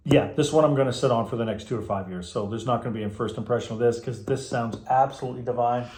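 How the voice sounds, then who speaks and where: A man vlogging in a casual, rambling, enthusiastic way, tired with his voice going hoarse. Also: mid-range voice, fast talker, few pauses, darkish tone, reverberant. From Canada. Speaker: pipe tobacco vlogger. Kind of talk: casual vlog chat.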